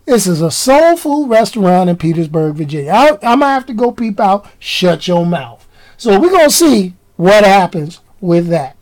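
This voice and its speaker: Emphatic woman vlogger, slangy, repeats herself for punch, mid-pitched casual rant. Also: normal speed, rough recording. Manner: emphatic, repeats key lines, slangy and animated.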